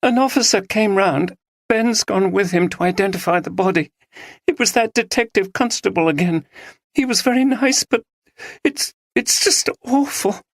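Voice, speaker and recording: A narrator voicing a distraught young woman who is crying and pleading in a high, trembling voice. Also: no echo, studio quality, lightly acted.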